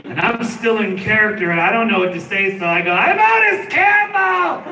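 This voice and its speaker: A man doing stand-up, telling a story in an animated way and laughing through his own lines at a live venue. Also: high-pitched, quick pace. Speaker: stand-up comedian. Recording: echoey room, distant mic, loud clicks.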